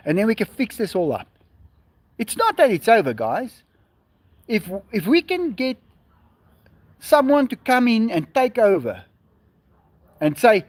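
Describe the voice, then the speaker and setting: A man chats slowly and easily on a live stream, reading out viewer comments and replying. His voice sits high, with a lively, rising and falling melody. He talks from outdoors at his home. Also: dry recording. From South Africa. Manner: reads viewer comments aloud and answers them. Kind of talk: casual live-stream chat.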